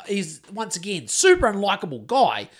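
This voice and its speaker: Co-hosting a podcast, a man with a New Zealand accent chats casually in a rambling, crude and sardonic manner, often trailing off and restarting sentences. His voice is high-pitched, swooping wildly, at a moderate pace.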